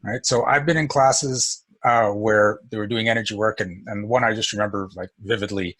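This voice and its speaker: A man's voice: on the low side, steady tone, normal speed, fairly bright tone. A man teaching an energy work session in a casual, storytelling way, chuckling often.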